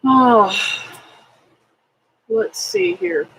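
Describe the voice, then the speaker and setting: A middle-aged woman hosting a casual livestream, praying aloud and chatting with viewers in a slow, homely way. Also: high voice, very animated, vocal fry, a bit bright, poor audio. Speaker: homestead livestream host. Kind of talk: casual livestream chat reading comments.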